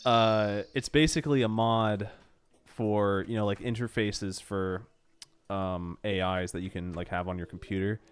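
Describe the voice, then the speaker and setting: A man's voice: lowish voice, clean tone. A young man streaming a game, rambling and swearing with mock exasperation, nose running from allergies. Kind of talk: casual game stream chatter.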